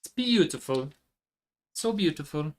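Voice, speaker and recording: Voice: medium pitch, expressive, measured pace. A live streamer chatting casually with viewers while working, answering chat as they go.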